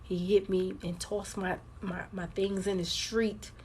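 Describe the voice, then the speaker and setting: A woman's voice: mid-range voice, level tone, a little slow, slight background noise. A woman hosting a livestream, candidly telling her viewers a personal story in a casual, conversational way. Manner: candid, conversational, addresses viewers as girl and y'all. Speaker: livestream host.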